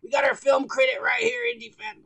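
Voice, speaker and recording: A man co-hosting a podcast in casual chat, reading out comments, crude and loud, often laughing and shouting. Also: very high voice, very animated, quick pace, creaky. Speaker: podcast co-host.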